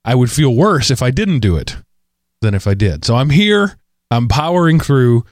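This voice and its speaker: Congested, hoarse male podcast host. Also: mid-range voice, very animated, normal speed, no room sound, clean studio sound. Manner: tired but cheerful, joking. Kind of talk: casual chat.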